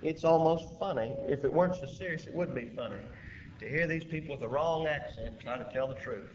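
Male pastor, fairly high voice, emphatic sermon delivery, roomy lo-fi church recording. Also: brisk. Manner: emphatic preaching with sudden loud rises and quiet drops. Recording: echoey church room, lo-fi with faint hiss.

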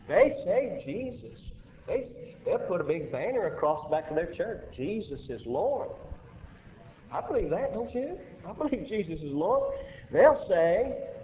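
Male pastor, fairly high voice, emphatic sermon delivery, roomy lo-fi church recording. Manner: emphatic preaching with sudden loud rises and quiet drops. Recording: echoey church room, lo-fi with faint hiss.

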